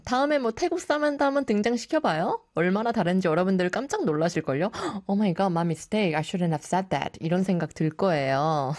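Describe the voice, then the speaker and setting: A woman's voice: medium pitch, dry recording, clean studio sound. A woman in her thirties hosting a radio show, chatting in a mix of Korean and English.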